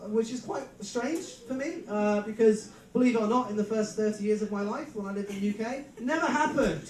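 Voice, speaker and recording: English comedy host, roomy club. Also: male voice, high-pitched, a little fast. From England. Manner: self-mocking storytelling with frequent laughs. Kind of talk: stand-up comedy hosting. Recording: roomy live venue mic from a distance, crowd noise.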